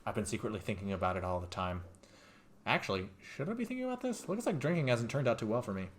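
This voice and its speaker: A man's voice: on the low side, big pitch swings, fast talker, a little hiss or hum. A man hosting a game playthrough, chatting casually and poking fun at himself as he reads the game text. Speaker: let's play host. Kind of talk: casual gameplay commentary.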